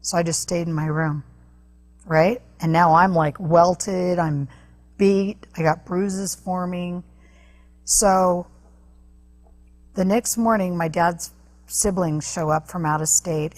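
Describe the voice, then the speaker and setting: A woman guest on an interview show, telling a personal story earnestly, with halting restarts. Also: fairly low pitch, fairly even intonation. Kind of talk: personal testimony in a talk interview.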